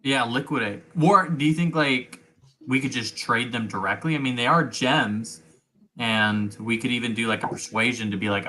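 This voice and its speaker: A man's voice: medium pitch, moderate pace, bright, forceful tone. A man hosting and playing in a tabletop game, chatting in an upbeat, casual way. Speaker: host and player.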